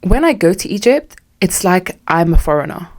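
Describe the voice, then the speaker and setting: A young woman with a British accent talks on her own podcast, candid and conversational. Her voice sits a little low, and she slips into dry sarcasm as she talks. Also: sing-song, moderate pace, darkish tone. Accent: British English. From United Kingdom. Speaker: podcast host. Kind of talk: solo podcast chat.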